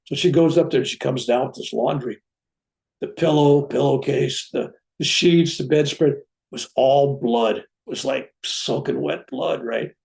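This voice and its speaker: A reverend telling a personal spiritual story, acting out what people said along the way. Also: male voice, mid-range voice, measured pace, vocal fry. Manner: animated, acts out dialogue in his own voice. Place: room at home with a bookcase.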